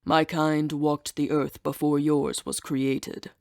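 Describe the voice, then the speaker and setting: An ancient winged beast with an ox's body speaks slowly and gravely, growling each threat, as a woman puts him on. The voice sits low and close, with no room around it. He sounds solemn and menacing, guarding his temple in an audiobook. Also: little pitch movement, darkish tone, dry recording, full character voice.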